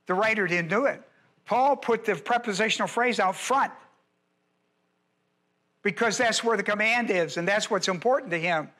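A male pastor with a high, bright voice teaches scripture point by point. He presses each point hard, repeating phrases and asking whether his listeners follow. It has the steady drive of a classroom-style sermon. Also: moderate pace, pauses often. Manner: emphatic, repeats key phrases, quizzes listeners. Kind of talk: verse-by-verse Bible teaching.

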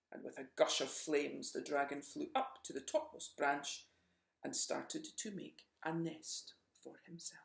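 A storyteller reading a children's picture book aloud, gentle and expressive. The voice has a gravelly, fry-tinged texture at a middle pitch. The recording carries a roomy echo. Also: a little slow.

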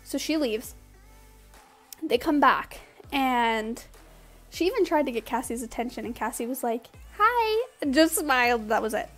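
A young woman with a high voice casually recounting a funny story to her camera. She talks in a loose, chatty way, peppered with "like" and "dude", with soft music playing faintly behind her. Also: moderate pace, long pauses. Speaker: vlogger. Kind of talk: storytime vlog.

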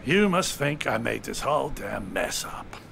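A soft-spoken old grandfather for a game, rough-edged gravelly voice, slow and deliberate. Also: medium pitch, big pitch swings, a little hiss or hum, exaggerated voice. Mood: reflective. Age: older. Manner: soft, comforting, reflective. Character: gentle, weary old grandfather, losing memories. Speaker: grandfather character. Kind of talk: video game voice acting.

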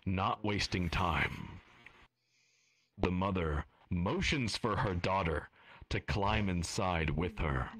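A man's voice: sits low, fairly bright tone. A man narrating a role-play story as game master, in a solemn, dramatic storytelling manner.

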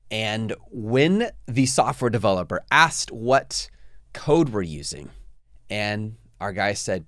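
A man's voice: medium pitch, no room sound, studio quality. An earnest man hosting a motivational podcast, telling stories and acting out quotes. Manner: earnest, storytelling, acts out quotes. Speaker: podcast host.

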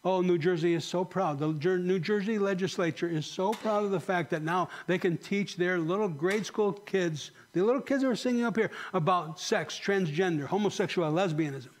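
A man preaching a sermon as pastor, impassioned, rising to emphatic questions and dropping to soft, quiet lines. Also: sits high, normal speed, few pauses.

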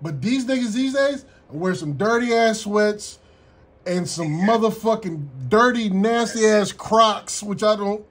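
A man's voice: high voice, unhurried. A man co-hosting a radio show, laid-back and emphatic, often chiming in to agree. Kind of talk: casual radio chat.

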